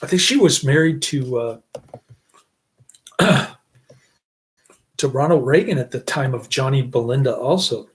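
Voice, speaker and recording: A man giving a casual, rambling movie review, slow and halting, often laughing at his own jokes. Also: medium pitch, animated.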